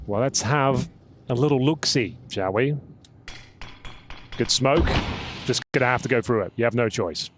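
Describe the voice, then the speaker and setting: A man calls an esports match play by play and trades dry, teasing jokes with his co-caster. His voice sits in the middle range. Game gunfire and effects run clearly underneath. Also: mid-range voice, unhurried, pauses often, noisy background. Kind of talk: play-by-play commentary. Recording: broadcast mix with game sounds underneath.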